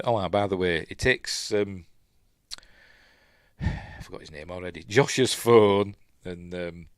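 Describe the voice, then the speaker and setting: Yorkshire guy rambling thru a movie recap, lowish voice, dry close mic, lots of ums. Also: clean tone, dry recording. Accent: Yorkshire English. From Yorkshire, England. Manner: rambling, self-deprecating, lots of fillers and asides. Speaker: podcast host reviewing films. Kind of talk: casual movie recap and commentary.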